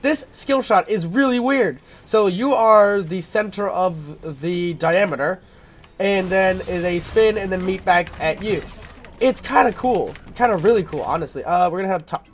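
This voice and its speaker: A man commentating his own gameplay in a casual, rambling way, full of fillers and throat-clearing because he is sick. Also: high-pitched, normal speed, slight background noise. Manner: rambling, filler-heavy, thinking aloud.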